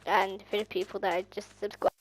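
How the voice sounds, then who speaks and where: A woman with an Irish accent giving rambling, chatty gameplay commentary that bursts into excited squeals. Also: mid-range voice, fairly quick. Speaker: gaming channel host.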